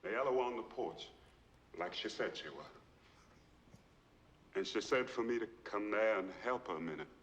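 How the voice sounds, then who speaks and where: Humble witness on the stand, low, soft-spoken, long reverb, old film clip. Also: male voice, lively intonation, normal speed, long pauses. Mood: earnest. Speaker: witness in a courtroom film scene. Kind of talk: film drama testimony.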